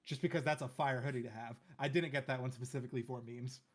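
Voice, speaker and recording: A man's voice: mid-range voice, steady tone, quick pace. A young man co-hosting a podcast, telling a rambling, self-mocking story full of swearing. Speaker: podcast co-host. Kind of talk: casual storytelling chat.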